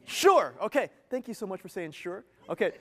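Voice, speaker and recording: Male motivational speaker with a high voice, working a live crowd playfully. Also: moderate pace. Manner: energetic, playful, teasing the audience. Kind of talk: interactive live keynote. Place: event venue with a live audience.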